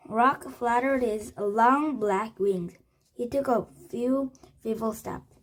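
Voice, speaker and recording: A woman reading a children's chapter book aloud, slow and halting, often correcting herself. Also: on the high side. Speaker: reader.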